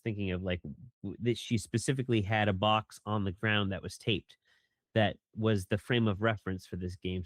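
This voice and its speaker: A man's voice: lowish voice, no room sound. A man, a voice director and actor, answering interview questions in a rambling, casual way with many fillers. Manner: rambling, many fillers, acts out line readings.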